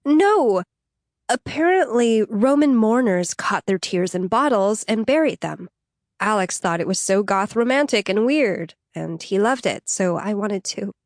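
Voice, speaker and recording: A woman's voice: lively intonation, a little slow, dry recording, studio quality. A woman voicing a flustered, teary young friend. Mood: tearful, flustered. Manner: breathless, high and apologetic. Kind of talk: audiobook dialogue reading.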